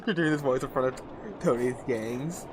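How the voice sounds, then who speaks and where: A man's voice: mid-range voice, expressive, a little slow, background noise. Chatty, giggly young man. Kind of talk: casual stream banter.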